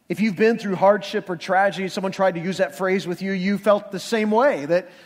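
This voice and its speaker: Pastor preaching in a reverberant church. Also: male voice, high voice. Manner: conversational, with emphatic rhetorical questions. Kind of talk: sermon. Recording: long reverb of a church hall.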